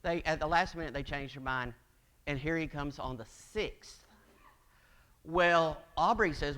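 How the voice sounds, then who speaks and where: A man's voice: on the high side, unhurried, sharp tone. A middle-aged man preaching a sermon, telling folksy stories and acting out the voices of the people in them. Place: church sanctuary.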